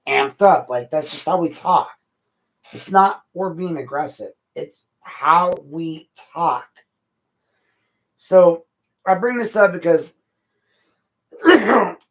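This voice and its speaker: A man's voice: a little high, fairly bright tone, rough recording. A middle-aged man, hosting an unscripted late-night podcast and talking bluntly in a frustrated rant. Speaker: podcast host.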